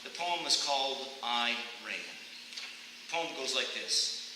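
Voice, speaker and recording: A pastor delivering an impassioned sermon in a church, his voice rising to loud cries at times. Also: medium pitch, slow. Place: church sanctuary. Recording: echoey church hall with faint noise.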